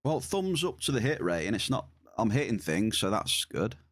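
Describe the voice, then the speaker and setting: A man's voice: lowish voice, big pitch swings, normal speed, a bit bright, no room sound, studio quality. A man streaming a game, chatting casually with viewers and often repeating his words as he plays.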